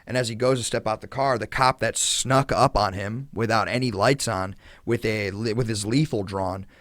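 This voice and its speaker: A man's voice: fairly low pitch, moderate pace, fairly bright tone, no echo, studio quality. A man hosting a podcast, telling a story in casual chat with a lot of fillers, indignant and swearing freely. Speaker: podcast host.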